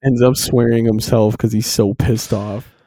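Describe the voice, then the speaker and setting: A young man co-hosting a casual golf podcast, telling animated stories and acting out quotes. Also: mid-range voice, measured pace, dry recording. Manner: animated storyteller, acts out quotes loudly. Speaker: podcast co-host. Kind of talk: casual chat.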